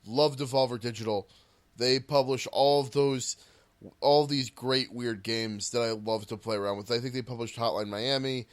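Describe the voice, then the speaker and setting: A man's voice: mid-range voice, fairly even intonation, normal speed. Easygoing, hesitant young man. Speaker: podcast co-host. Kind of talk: casual chat about games.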